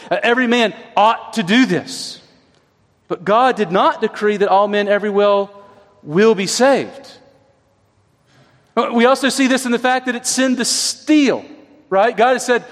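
A man preaching a sermon in a conversational way, often checking in with his listeners through quick tag questions. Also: sits high, a bit bright. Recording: long reverb of a large hall.

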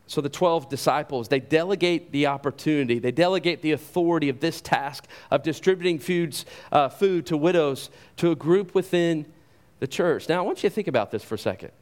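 A male pastor delivering a sermon with emphatic, rhetorical delivery. His voice sits a little higher than most men's, and he often repeats a word as he drives a point home. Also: brisk. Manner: emphatic, rhetorical questions, repeats words when stressing.

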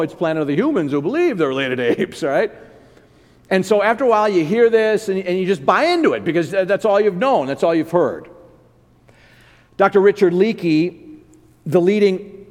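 High-voiced preacher man in a big hall. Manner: animated, asks the audience questions. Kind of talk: sermon. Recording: long hall reverb.

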